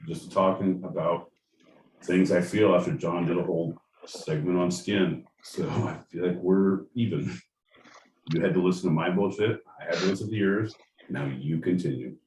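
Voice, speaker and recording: A man's voice: low voice, moderate pace, a little mellow, reverberant, distant mic, slight background noise, low-quality recording. A man co-hosting a podcast, chatting casually in a rambling way, swearing freely and leaning on fillers. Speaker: podcast co-host. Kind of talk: casual chat.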